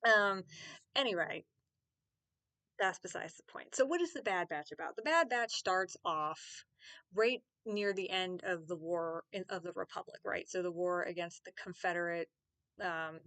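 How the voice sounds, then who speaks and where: A woman's voice: on the low side, a bit bright, no room sound. A woman vlogger chatting casually to camera, rambling, enthusiastic and often correcting herself. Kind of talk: casual fan chat to camera.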